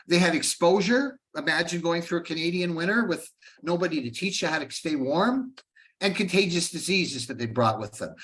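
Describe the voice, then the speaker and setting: A man with a fairly high voice gives an informal history lecture. He talks in a chatty way, drops in asides and rhetorical questions, and often trails off into fillers. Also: fairly bright tone. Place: Canada.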